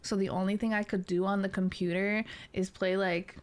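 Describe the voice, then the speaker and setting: A woman's voice: mid-range voice, flat delivery, normal speed. A young adult woman streamer chatting casually with viewers, laughing often and teasing.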